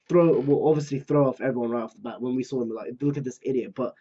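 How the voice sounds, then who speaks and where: A man hosting a live manga reaction, reading pages aloud and breaking into excited exclamations. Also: mid-range voice, quick pace, hardly any pauses. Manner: excitable, bursts into loud exclamations. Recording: dull lo-fi recording.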